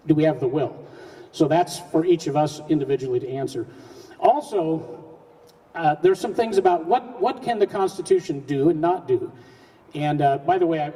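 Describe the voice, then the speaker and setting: A man's voice: a little high, mellow. Earnest man giving a folksy speech. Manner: folksy, earnest, with rhetorical questions and frequent restarts. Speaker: speaker at a public event. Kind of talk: public speech to a live audience. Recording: distant mic in a reverberant hall.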